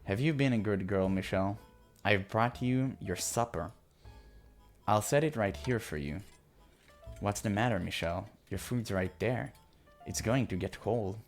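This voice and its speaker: A man reading a visual novel aloud and voicing a sadistic, mocking young woman captor in his own fairly low voice. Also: unhurried, faint music behind. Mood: cruel. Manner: taunting, sneering.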